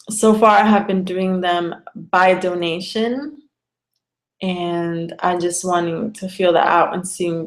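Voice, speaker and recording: Woman, lowish voice, casual astrologer reading a chart live, filler-heavy and loose. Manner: chatty, frequent fillers like "you know" and "like". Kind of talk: casual live-stream explanation.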